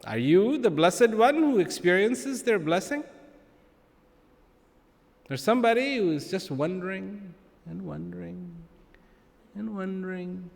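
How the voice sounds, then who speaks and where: A man giving a slow, emphatic talk to a live audience, with playful humor and long dramatic pauses. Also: sits high, expressive, gravelly. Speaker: speaker addressing an audience. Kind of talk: spoken address to a live audience. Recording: long hall reverb.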